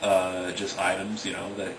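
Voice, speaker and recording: A young man with a low voice and completely flat delivery rambles through his own fantasy story at normal speed, peppering it with "you know" and "like." He briefly acts out the characters, and the distant mic picks up an echoey room and background noise.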